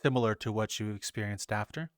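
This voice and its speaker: Male podcast host, lowish voice, relaxed curious questions, dry recording. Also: fast, no echo. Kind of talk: interview questions.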